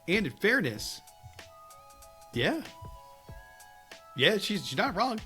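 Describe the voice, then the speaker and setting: Male podcast co-host, forceful bright tone, chatty storyteller, quiet music bed underneath. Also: on the high side, takes it slowly, long pauses. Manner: animated, laughing storyteller. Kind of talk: casual podcast chat.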